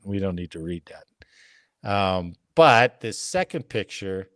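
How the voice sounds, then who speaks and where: A man hosts a podcast, reading news aloud and breaking off to joke about it. His pitch moves a lot as he talks. The sound is dry and close to the mic. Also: big pitch swings, slow, a bit bright, no room sound. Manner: jokey, reads articles then riffs with funny voices.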